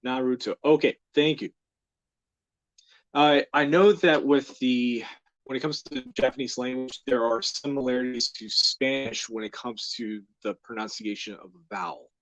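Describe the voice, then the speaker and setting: An easygoing young man from the United States hosts his live art stream, rambling through casual chat with plenty of "uh"s and the odd chuckle. His voice sits at a middling pitch and is recorded close and dry, with no room sound at all. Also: fairly even intonation, moderate pace, dry recording, muffled recording. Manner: rambling and easygoing, with many fillers and soft laughs. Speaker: host of a live drawing stream.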